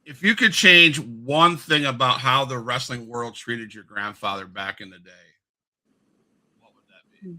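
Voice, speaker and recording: A man's voice: mid-range voice, unhurried, sharp tone, poor audio. A man hosting an interview, asking friendly questions and often restarting mid-sentence. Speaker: interview host.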